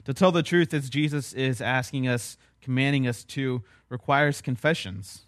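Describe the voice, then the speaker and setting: Man, pastor, sermon delivery, earnest emphatic repetition, rhetorical questions, mid pitch. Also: moderate pace, dry recording, studio quality.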